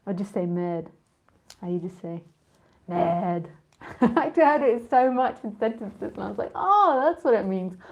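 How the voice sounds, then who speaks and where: A woman's voice: mid-range voice, steady tone, unhurried, creaky, dull audio. A woman spiritual teacher in a casual live talk with listeners, rambling and chatty, often laughing and drifting off on tangents.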